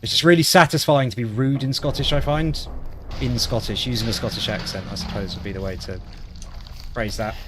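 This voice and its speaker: Brisk and mid-range, a Welsh gaming streamer's voice comes through over slight background noise. Chatting through relaxed commentary, he voices his disgust and pokes fun at himself.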